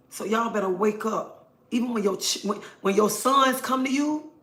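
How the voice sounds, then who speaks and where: A woman's voice: on the high side, a bit bright. A middle-aged woman hosting a livestream, talking earnestly and preachily and repeating her points for emphasis. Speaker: livestream host. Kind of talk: casual livestream monologue. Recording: roomy echo.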